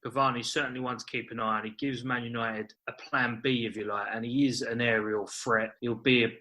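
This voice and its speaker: Male guest pundit, bright tone, quick casual chat full of fillers. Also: mid-range voice, steady tone.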